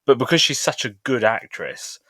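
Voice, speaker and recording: A man chatting as a podcast guest, full of enthusiasm and rambling from one thought to the next, restarting his sentences often. His voice is mid-pitched and sits close and dry with almost no room sound. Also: very animated, normal speed, sharp tone, slightly rough, no room sound. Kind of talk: casual chat. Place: on stage in a theatre.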